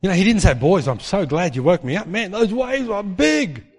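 A man preaching a sermon in an animated way, acting out the voices of people in his stories. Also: high-pitched, moderate pace. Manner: animated, acts out quoted voices. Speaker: pastor. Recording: long hall reverb.

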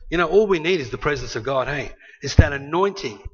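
A man preaching a sermon in a conversational, animated way, often ending points with a tag question. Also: a little high, brisk, husky, highs cut off.

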